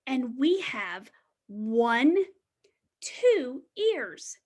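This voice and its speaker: A woman's voice: high-pitched, animated. A woman teaching preschoolers, reading a picture book aloud in a sing-song, exaggerated storytime voice with whispered asides. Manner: slow, exaggerated storytime delivery.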